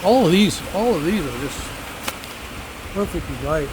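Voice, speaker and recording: Older man, seventies, ex-teacher, casual rambling garden vlog, a bit high-pitched. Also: animated, moderate pace, heavy background noise. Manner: chatty, rambling, digressive. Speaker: fig grower and former teacher. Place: outdoors among fig trees.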